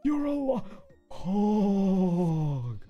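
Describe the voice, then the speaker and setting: Brief: man putting on a squealing, overjoyed young guy, repeating himself, pitched way up, some faint music behind. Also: very animated, drawn-out words, highs cut off, heavily acted. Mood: ecstatic. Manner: screaming, repetitive, giddy. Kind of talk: comic impression in storytelling.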